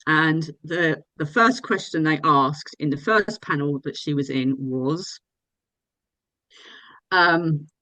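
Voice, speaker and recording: A woman's voice: deep voice, takes it slowly, bright, forceful tone, no echo, poor audio. A woman fan being interviewed, chatting enthusiastically about meeting an actress. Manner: enthusiastic, gushing. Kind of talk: casual interview chat.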